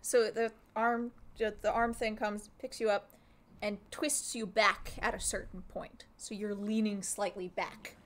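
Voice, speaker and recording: A woman's voice: mid-range voice, flat delivery, a little slow, a bit bright. A woman co-hosting a gaming video, telling a rambling story at home with lots of laughs and filler words. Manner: chatty storyteller, laughs often, trails off with ums. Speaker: co-host playing a video game. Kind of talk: casual gameplay chat.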